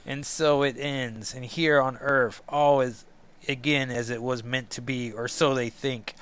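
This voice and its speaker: A man's voice: mid-range voice, steady tone, measured pace, a bit bright, smooth, close to an everyday voice. A man voicing a scheming male demon lord who gloats grandly over his plans. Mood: gloating. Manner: grandiose, gloating villain speech.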